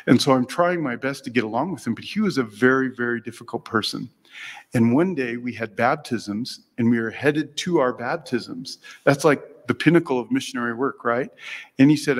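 A man's voice: medium pitch, a little fast. Man, earnest storyteller at a lectern, long hall reverb. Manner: earnest storytelling, acting out his own thoughts. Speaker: speaker giving a religious lecture. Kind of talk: devotional talk with personal stories. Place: meeting room before an audience.

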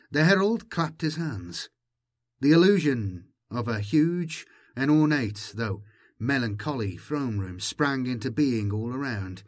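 A man narrating an audiobook in a measured, dramatic storytelling manner. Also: medium pitch. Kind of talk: scripted narration.

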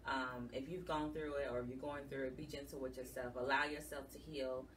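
A woman with a low, bright-edged voice shares a heartfelt personal story in a conversational way. She sounds a little distant from the mic, with a faint hiss behind her. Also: steady tone, fairly quick. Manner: earnest, emotional, conversational. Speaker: guest, support group founder. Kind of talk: personal testimony in an interview. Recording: somewhat distant mic with faint background noise.

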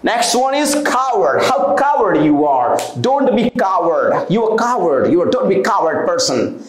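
A man's voice: high voice, big pitch swings, measured pace, reverberant, slight background noise, poor audio. A man with an Indian accent teaching English vocabulary, repeating example sentences and explaining in Hindi. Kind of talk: classroom vocabulary lesson.

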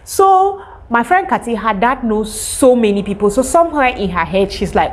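A young Cameroonian woman telling a casual storytime to her viewers, lively and animated. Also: medium pitch, a little fast. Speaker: vlogger.

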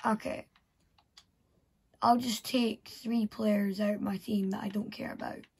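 A woman's voice: mid-range voice, fairly even intonation, measured pace, creaky, a little mellow, breathy edge. A woman vlogger thinking aloud as she plays a video game, muttering to herself in casual commentary. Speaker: gameplay vlogger.

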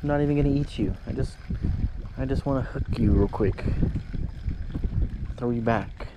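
A man's voice: mid-range voice, normal speed, very noisy. A man chatting casually to camera while out on a lake, talking affectionately to his dog between comments. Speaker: vlogger. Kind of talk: casual outdoor vlog chat. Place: small boat on a lake outdoors.

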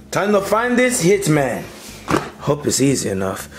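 A man voicing a slow, muttering schemer. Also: on the high side, huge pitch swings, very noisy, heavily acted. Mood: scheming. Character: scheming male puppet looking for a hitman.

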